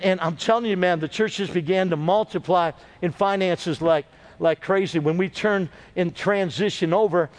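A middle-aged man preaching as a pastor, telling stories and calling on the congregation for amens. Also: sits high. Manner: storytelling preacher with call-and-response. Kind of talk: sermon.

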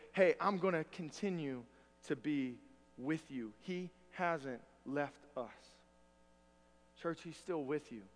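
A man preaching a sermon as pastor, earnest with wry humor, moving between loud emphasis and quiet asides. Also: sits high. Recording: long hall reverb.

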